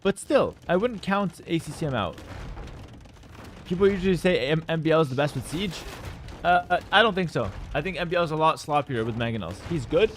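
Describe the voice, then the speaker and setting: A man casting a strategy game tournament live, casual and opinionated, breaking into excited shouts at big plays. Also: fairly high pitch, fairly quick, slight background noise. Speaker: esports caster.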